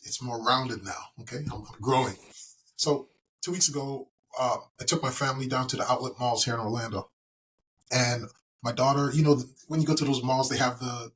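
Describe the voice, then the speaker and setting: Calm man telling a family story. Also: medium pitch, a little hiss or hum. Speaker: podcast guest. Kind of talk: conversational storytelling.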